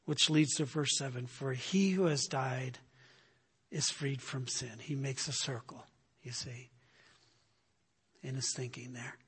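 An older man preaching a sermon, telling animated stories and repeating phrases for emphasis. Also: medium pitch, a little slow, pauses often, husky. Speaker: pastor. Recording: long hall reverb.

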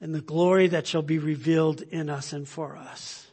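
A man with a high, husky voice delivers a sermon. He presses his points with rhetorical questions and moves between loud urging and hushed near-whispers. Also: steady tone, moderate pace. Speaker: pastor.

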